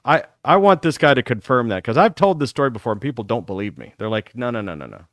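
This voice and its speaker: On his live talk show, a Texan in his fifties eagerly tells a caller stories from his school years. He talks fast in a medium pitch, and the recording is dry with clean studio sound.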